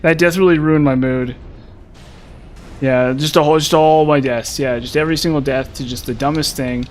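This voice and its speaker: A man's voice: on the high side, fairly even intonation, moderate pace. A young man streaming a video game, chatting with viewers in a frustrated, self-mocking way with sudden exasperated outbursts. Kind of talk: live gameplay commentary chatting with viewers.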